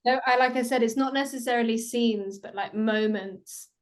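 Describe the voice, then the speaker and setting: Chatty woman with a high voice. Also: normal speed. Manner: giggly, chatty storytelling with many fillers. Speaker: actress guest. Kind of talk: casual interview chat.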